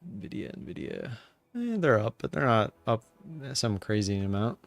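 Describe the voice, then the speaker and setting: A man's voice: lowish voice, big pitch swings, moderate pace, no room sound. Chatty man hosting a live stream. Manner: chatty, jumps to loud cheering.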